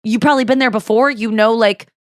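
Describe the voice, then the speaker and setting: A woman hosting a comedy podcast in casual chat. She talks with animated, profane disbelief. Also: fairly high pitch, fast talker, no room sound, studio quality. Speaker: podcast host.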